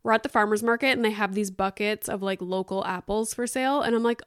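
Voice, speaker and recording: A woman's voice: mid-range voice, fairly even intonation, fast, hardly any pauses, smooth, dry recording, studio quality. A woman in her thirties from Canada, hosting a casual solo podcast and telling a rambling, exasperated story full of "like" fillers. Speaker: podcast host.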